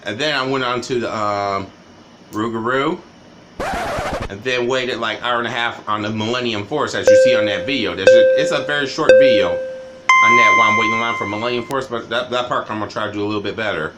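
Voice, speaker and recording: A man's voice: on the low side, fairly even intonation, quick pace, heavy background noise. A man vlogging a rambling, casual storytime monologue, often tagging "right?" and "you know" onto his sentences.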